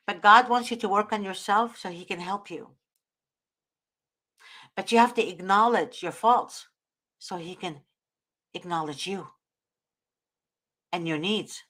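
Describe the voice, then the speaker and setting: A woman's voice: medium pitch, moderate pace, pauses often, a bit bright. A woman hosting a talk show, giving earnest, preachy advice and repeating her points. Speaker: host.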